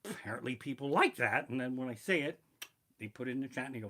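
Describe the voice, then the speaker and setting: A man's voice: mid-range voice, quick pace, fairly bright tone. A man comedian telling rambling, profane stories and reading from his notes in a live stream from his living room. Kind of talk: live-streamed storytelling stand-up. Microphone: barebones home streaming mic.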